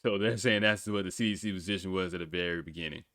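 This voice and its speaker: A man's voice: sits low, fast, pushed and bright, no echo, studio quality. A man hosting a podcast in a casual, blunt way, swearing freely and laughing often as he talks. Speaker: podcast host. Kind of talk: casual talk.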